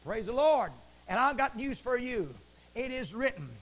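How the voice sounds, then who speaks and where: A man preaching a fiery broadcast sermon from the pulpit, swinging from shouts to hushed asides and repeating stock phrases. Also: very high-pitched, lively intonation, moderate pace. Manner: repeats stock phrases like praise the Lord and it is written.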